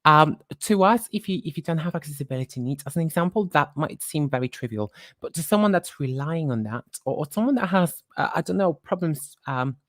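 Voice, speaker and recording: Woman, low voice, lively intonation, software tutorial walkthrough, dry close sound. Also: no room sound. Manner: talks while clicking through screens, quick self-corrections. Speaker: presenter. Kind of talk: live software demo tutorial.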